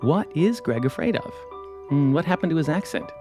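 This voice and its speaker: Lively male narrator over music. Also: a little high, moderate pace. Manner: dramatic storytelling with teasing questions. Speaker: host and narrator. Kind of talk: scripted narration.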